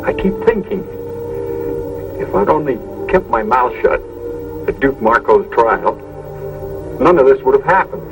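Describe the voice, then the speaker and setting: An actor playing a worried older father who speaks gently and regretfully in an old film. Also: mid-range voice, sing-song, unhurried, long pauses. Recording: old film sound, distant mic, music behind.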